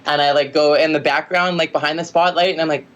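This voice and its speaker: A woman musician telling stories in a casual interview, rambling and lively with lots of filler words. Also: deep voice, fast, dull audio. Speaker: musician guest.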